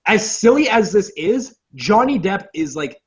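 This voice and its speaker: Guy rambling excitedly bout movies, kinda high voice, dull lo-fi sound. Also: unhurried. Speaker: podcast co-host. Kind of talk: casual movie chat.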